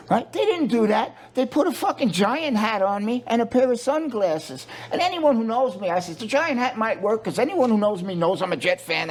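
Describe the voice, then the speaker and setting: A middle-aged man, a guest telling stories in a profane, joking way and acting out the people he quotes. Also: sits high. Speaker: interview guest. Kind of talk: casual storytelling.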